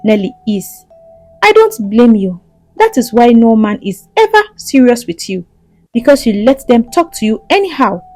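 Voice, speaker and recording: Woman doing a sharp-tongued young wife, lively pitch, mellow tone. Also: no echo, faint music behind. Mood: scornful. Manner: snapping, then pleading in halting restarts. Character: hot-tempered young wife, defensive and sharp.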